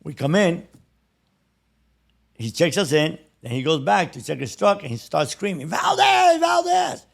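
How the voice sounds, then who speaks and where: A man's voice: on the high side, animated, normal speed, vocal fry, pauses often. A man in his sixties with a Cuban-American accent, telling stories from his life in a casual interview and acting out the other people in them. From Cuba. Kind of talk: casual storytelling.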